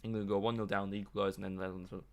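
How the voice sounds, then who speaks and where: Low-voiced man rambling on a live stream. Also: little pitch movement, rapid-fire, vocal fry. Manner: rambling, joking, self-mocking. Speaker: streamer reacting to a video. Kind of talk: casual live-stream commentary.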